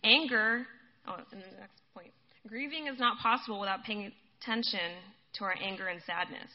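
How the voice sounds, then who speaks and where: A woman's voice: medium pitch, moderate pace. A woman giving a casual sermon, talking conversationally to her listeners and calling them guys. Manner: conversational, addresses listeners as guys, laughs often. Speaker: preacher. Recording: dull lo-fi recording.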